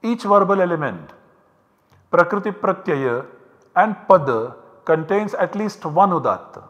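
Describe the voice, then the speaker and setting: Male lecturer, bright and fairly high voice, explains step by step. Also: very animated, measured pace, lo-fi sound. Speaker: university lecturer. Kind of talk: recorded academic lecture. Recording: long hall reverb.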